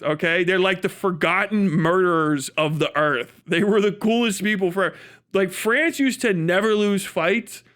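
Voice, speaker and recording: High-voiced man ranting profanely. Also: a bit bright. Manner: profane, ranting, laughs often. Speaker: streamer. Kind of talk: casual livestream chat.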